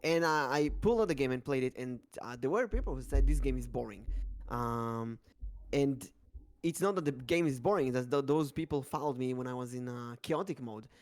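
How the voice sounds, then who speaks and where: A man co-hosting a podcast, chatting casually about streaming in a lively, slightly halting way. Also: medium pitch.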